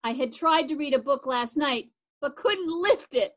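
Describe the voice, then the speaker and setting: A woman reading a children's chapter book aloud, unhurried and expressive. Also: high voice. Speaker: reader.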